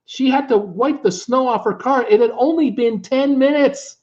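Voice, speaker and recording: Middle-aged Canadian man, fairly high voice, folksy and exasperated live-stream host, dull lo-fi tablet audio. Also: moderate pace, a little mellow. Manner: folksy and exasperated, with frequent uh fillers. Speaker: travel vlog host. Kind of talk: casual live-stream chat.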